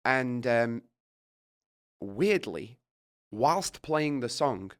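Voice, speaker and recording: British guy spinning a wild story, bright voice, swears a lot, acts out his own reactions. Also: mid-range voice, expressive, drawn-out words. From Britain. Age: middle-aged. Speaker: guest. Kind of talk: casual storytelling.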